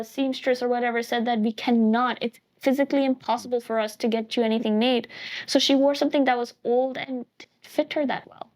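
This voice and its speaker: A woman, a podcast guest, telling a personal family story earnestly, often restarting and correcting herself mid-sentence. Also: fairly high pitch.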